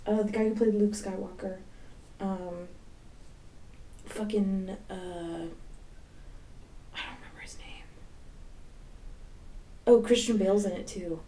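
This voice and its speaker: A woman's voice: mid-range voice, fairly even intonation, slow pace, pauses often, warm tone, a little hiss or hum. A woman in her twenties co-hosting a podcast, rambling, giggling and swearing. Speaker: podcast co-host. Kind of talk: casual chat.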